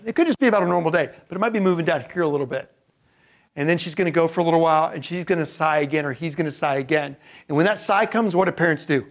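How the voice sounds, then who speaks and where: A man leads a parenting seminar in a loose, conversational way. He keeps asking the room questions and checking that they follow. His voice sits a little above the usual male pitch. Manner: conversational, often checks in with "okay?" and asks the audience questions. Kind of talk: live talk to an audience.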